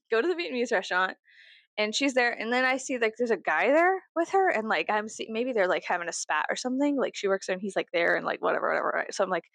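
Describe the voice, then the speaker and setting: A woman in her thirties tells a storytime vlog from her bedroom, cursing freely and laughing often. Her fairly high voice leaps around with lively swings in pitch. The sound is dry and close. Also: dry recording. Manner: profane, animated, laughs often, acts out quotes. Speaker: vlogger.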